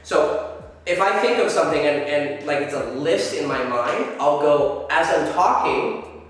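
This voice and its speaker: A man's voice: on the high side, lively intonation, measured pace, fairly bright tone. A man teaching dating advice to camera, swearing freely and acting out his examples. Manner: profane, demonstrative, acts out examples. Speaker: dating coach. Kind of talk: instructional talk to camera. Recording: echoey hall, far from mic.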